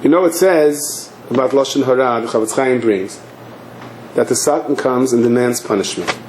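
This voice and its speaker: A man's voice: mid-range voice, normal speed, darkish tone, slight background noise. A man, a rabbi, tells a story in a sermon and acts out its scenes with animation. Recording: echoey hall.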